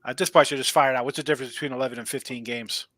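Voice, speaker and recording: Talking rapid-fire in a dry recording, a mid-range-voiced man co-hosts a relaxed sports betting stream. He rambles through animated stories and laughs a lot.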